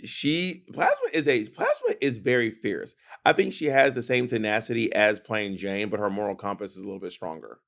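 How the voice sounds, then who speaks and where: A man's voice: fairly low pitch, huge pitch swings, normal speed, vocal fry, hardly any pauses, a bit bright. A man co-hosting a casual recap podcast, explaining plots at length with sassy, emphatic asides. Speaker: podcast co-host.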